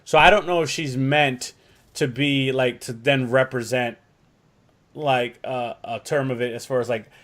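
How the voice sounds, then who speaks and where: Male podcast co-host, mid-pitched, loose and rambling, swears casually. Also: steady tone, measured pace, a bit bright. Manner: rambling, swears freely, acts out quotes. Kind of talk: casual chat.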